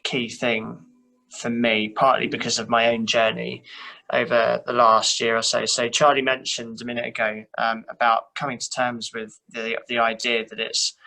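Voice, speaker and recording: A man's voice: mid-range voice, vocal fry, pushed and bright, poor audio. A young man, a church youth worker, chatting casually and self-deprecatingly, with many fillers and restarts. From England. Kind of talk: casual chat.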